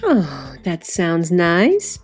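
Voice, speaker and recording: A woman's voice: on the low side, huge pitch swings, drawn-out words, breathy edge, exaggerated voice. A woman voicing a sweet, polite mother with an affectionate manner.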